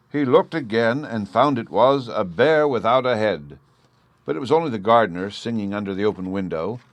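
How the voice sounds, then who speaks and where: A man narrating an audiobook in an even, measured storytelling manner. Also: on the low side, no echo. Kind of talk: scripted narration.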